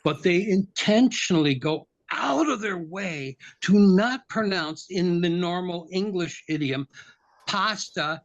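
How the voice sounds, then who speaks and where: High-voiced man, mock-indignant. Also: lively intonation, measured pace, hardly any pauses, highs cut off. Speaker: theatre group member. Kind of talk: casual chat on a video call. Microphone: video call.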